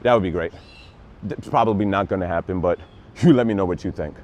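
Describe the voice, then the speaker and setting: A man's voice: low voice, a little fast, a little mellow. A man giving a casual, rambling and sarcastic review of a TV show, plainly exasperated.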